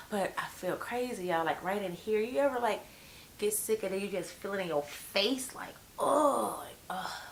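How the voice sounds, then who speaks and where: A woman's voice: medium pitch, normal speed, a little hiss or hum. A woman with a head cold giving a blunt, slangy, gossipy recap of a TV episode in casual chat. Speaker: TV show reviewer.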